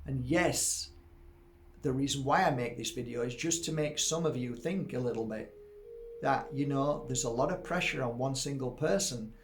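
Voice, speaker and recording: A man's voice: medium pitch, a little hiss or hum. A man in his fifties, an energy healer, talking earnestly and from the heart straight to his viewers in a candid monologue. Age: 50s.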